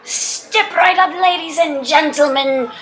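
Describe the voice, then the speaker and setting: A woman voicing a showy male street hawker with loud barker's patter. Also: sits high, slow, some chatter behind, pitched above the performer's own voice. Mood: salesy.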